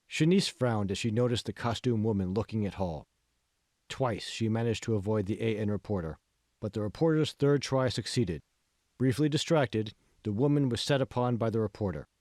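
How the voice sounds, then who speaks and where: A man narrating his own novel as an audiobook in a measured way. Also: medium pitch, darkish tone, no room sound, clean studio sound. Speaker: author and narrator.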